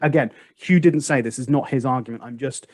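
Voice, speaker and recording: A man hosts a casual podcast chat and argues his views with force and relish. His voice sits at an ordinary middle pitch. The recording is close and dry, with no room sound. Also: a little fast, dry recording. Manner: opinionated, emphatic, lively storytelling. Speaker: podcast host.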